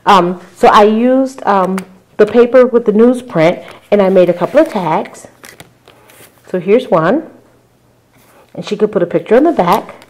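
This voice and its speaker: A woman's voice: mid-range voice, lively intonation, unhurried, long pauses, darkish tone, low-quality recording. A woman casually walking viewers through a handmade scrapbook album, chatty and full of ums and little asides to the audience. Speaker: crafter showing a handmade album. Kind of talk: casual show-and-tell tutorial.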